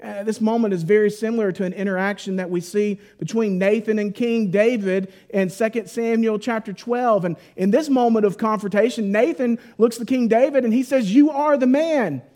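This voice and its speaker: High-voiced man preaching. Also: brisk, hardly any pauses. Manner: conversational and animated, lots of 'like'. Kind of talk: Bible teaching sermon.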